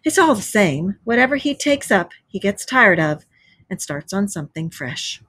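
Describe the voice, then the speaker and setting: A woman's voice: medium pitch, sing-song, moderate pace, fairly bright tone, husky, no echo, clean studio sound. A woman reading a cheery chatty water rat.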